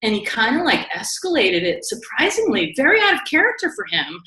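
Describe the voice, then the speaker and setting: A woman co-hosting a casual talk show, telling a story in a lively, quick way with lots of "like" and "you know". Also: sits high. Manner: animated, quick storytelling with many likes and you knows. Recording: echoey room.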